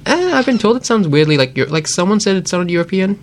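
A man's voice: high voice, sing-song, quick pace, a little hiss or hum. A man in a casual conversation, rambling and filling his sentences with "like.". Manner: rambling, filler-heavy, lots of "like". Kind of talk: casual chat.

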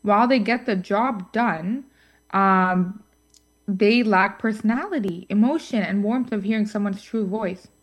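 A woman's voice: mid-range voice, unhurried. Chatty woman reading with small stumbles. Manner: reads with fillers and stumbles, playful asides. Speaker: co-host. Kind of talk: scripted podcast chat on voice technology.

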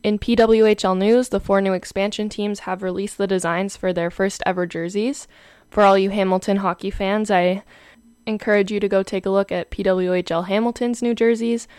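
A woman's voice: medium pitch, moderate pace, dry recording, clean studio sound. A young woman, reading scripted sports headlines as host of a campus show. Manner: clear, steady read with the odd filler.

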